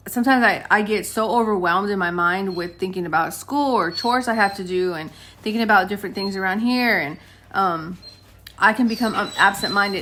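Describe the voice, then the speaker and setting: Woman in her late thirties, bright clear voice, middle pitch, casual vlog chat, animated storyteller, faint background noise. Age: late 30s. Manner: chatty storytelling, addresses viewers as guys, acts out quotes. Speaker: vlogger.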